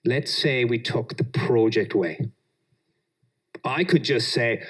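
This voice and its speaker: An Australian man gives a storytelling conference talk on engineering leadership, animatedly recounting workplace stories and acting out the people he quotes. His husky, mid-range voice moves slowly with long pauses.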